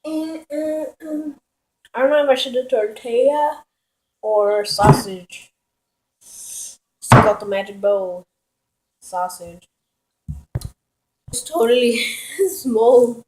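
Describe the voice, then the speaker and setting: A woman's voice: fairly high pitch, slow, long pauses, noisy background. A woman vlogging casually at home in her kitchen, rambling, swearing and giggling as she talks.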